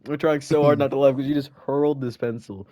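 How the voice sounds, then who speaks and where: A man's voice: mid-range voice, fairly even intonation, fast talker, warm tone, no echo, clean studio sound. A teenage boy casually telling school stories on a podcast, rambling and laughing, with lots of fillers and restarts. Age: teens. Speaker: podcast co-host. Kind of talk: casual storytelling chat.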